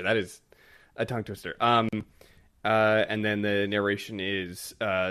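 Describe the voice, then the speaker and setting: A man co-hosting a podcast in casual, relaxed and somewhat halting chat. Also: fairly low pitch, clear, resonant tone, dry recording, studio quality. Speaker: podcast co-host.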